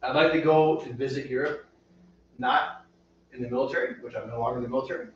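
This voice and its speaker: Man, mid-pitched, easygoing co-host, far from the mic, roomy echo, muffled sound. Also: fairly even intonation, quick pace, slight background noise. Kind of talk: casual chat. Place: home brewing spot. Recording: echoey, distant, dull room audio.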